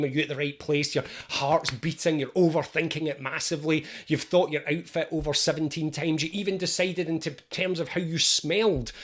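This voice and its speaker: A man, an anxiety coach, explaining anxiety in a lively storytelling monologue. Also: a little high. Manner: lively, storytelling, acts out scenes.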